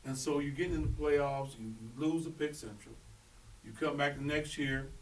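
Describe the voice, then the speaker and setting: Man hosting a sports podcast, animated, slightly high voice, mic a bit distant, faint room hum. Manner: animated, laughing, quick asides. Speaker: podcast host. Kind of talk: casual sports chat.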